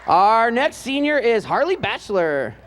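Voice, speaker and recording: A man announcing at a ceremony and reading aloud, in a relaxed, joking way with frequent hesitant "uh" fillers. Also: very high-pitched, measured pace, in a large hall, crowd noise, background noise. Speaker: announcer introducing band seniors.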